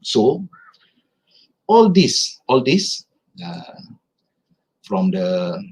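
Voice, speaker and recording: Malaysian man lecturing, lively husky voice. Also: mid-range voice, low-quality recording. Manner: careful, explains with spelled-out examples; halting, restarts phrases. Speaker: academic speaker. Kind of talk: online conference lecture.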